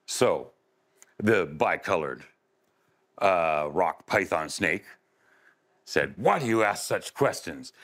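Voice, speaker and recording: Children's storyteller, man, playful and expressive, unhurried with a lively low voice. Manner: expressive, playful, chuckling asides.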